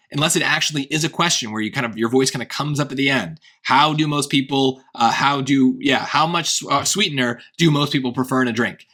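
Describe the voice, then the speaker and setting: Bright-voiced man tutoring casually. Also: medium pitch. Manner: thinks aloud, restarts, often checks with "right?". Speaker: SAT tutor.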